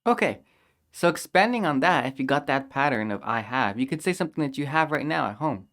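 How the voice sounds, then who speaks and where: A man teaching a language lesson, patiently repeating each phrase slowly and clearly for learners to copy. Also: mid-range voice, big pitch swings, fairly bright tone.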